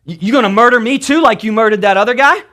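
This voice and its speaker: A man voicing a taunting Egyptian slave driver, quick and mocking, in a plain everyday voice. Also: very high-pitched, sharp tone.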